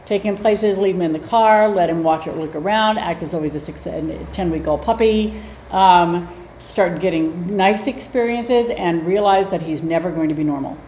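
A woman dog trainer teaching a class in a chatty, animated way, acting out little scenes as she explains. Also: lowish voice, moderate pace. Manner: animated, chatty, acts out quotes. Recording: roomy echo, faint noise.

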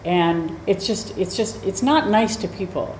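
A woman dog trainer teaching a class in a chatty, animated way, acting out little scenes as she explains. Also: mid-range voice, a little slow. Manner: animated, chatty, acts out quotes. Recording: roomy echo, faint noise.

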